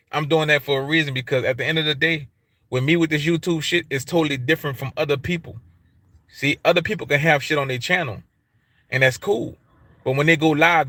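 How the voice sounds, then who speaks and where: A man's voice: fairly high pitch, bright, forceful tone. A man with an African American English accent ranting on his livestream in a casual, profane way, repeating himself for emphasis. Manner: repetitive, emphatic, heavy swearing, street slang. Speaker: YouTube livestream host.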